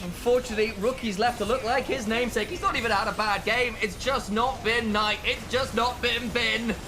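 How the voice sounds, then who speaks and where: A man doing live esports play-by-play commentary, dramatic and building to shouted calls. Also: very high voice, steady tone, fairly quick.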